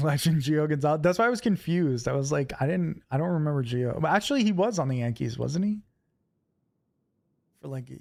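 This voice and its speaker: This young New Yorker streams a game and swaps casual stories with his live chat, his slightly high voice carrying some vocal fry. His telling is animated and full of profanity, and it ramps up loudly each time he replays an argument.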